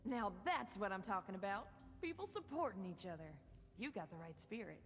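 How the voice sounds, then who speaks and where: Southern refuge keeper, folksy, persuasive, game voice, reverberant. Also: female voice, medium pitch, very animated, brisk. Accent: American Southern. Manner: folksy, warm-spirited persuasion. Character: friendly Southern woman running a refuge. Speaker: game character.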